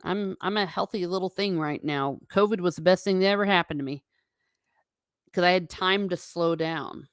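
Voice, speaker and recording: A woman's voice: fairly low pitch, normal speed, no room sound, studio quality. A woman hosting a live stream, chatting casually and reading viewer comments aloud with frequent laughs. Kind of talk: casual chat. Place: home.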